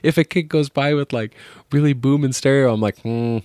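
A man telling stories in casual chat, animated, laughing and swearing often. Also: mid-range voice, brisk, dry recording, studio quality.

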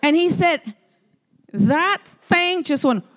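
A woman pastor preaching a sermon, shifting from quiet storytelling to loud, drawn-out shouted declarations, often repeating and restarting words. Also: extremely high pitch, animated, some chatter behind.

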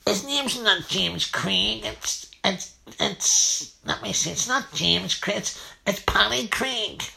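A performer voicing a fussy, prudish childlike nephew, who talks slowly and repeats himself. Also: mid-range voice, lively intonation, vocal fry, pushed and bright, full character voice. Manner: slow, halting, repeats itself.

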